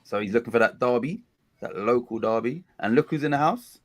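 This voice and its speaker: A man's voice: medium pitch, a little fast, slight background noise. A man hosting a football watch-along stream, talking in a rambling, chatty way and often correcting himself. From England. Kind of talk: casual live-stream chat.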